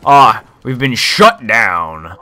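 A young man giving excitable gameplay commentary from home, yelping and switching into mock-formal sarcasm. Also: medium pitch, extremely slow, slight background noise. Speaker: gaming YouTuber.

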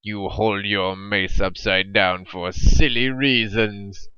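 A man's voice: steady tone, slow, pushed and bright, clean tone, no echo, lo-fi sound. Rambling, jokey young man gaming. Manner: rambling, jokey, jumps into brief high squeaky voices. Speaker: gamer commentating his own gameplay. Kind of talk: casual gameplay commentary with silly voices.

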